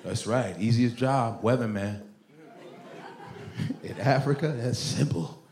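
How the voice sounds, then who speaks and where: A man from Nigeria doing a loud, punchy, profane stand-up comedy set on a club stage. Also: mid-range voice, slow. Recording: echoey club with crowd noise. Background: audience laughter.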